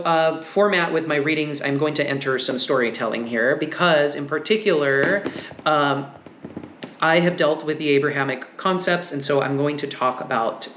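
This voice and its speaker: A man's voice: a little high, a bit bright. A man giving a casual tarot reading, musing and meandering with many fillers and asides. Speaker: tarot reader. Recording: echoey room with faint noise.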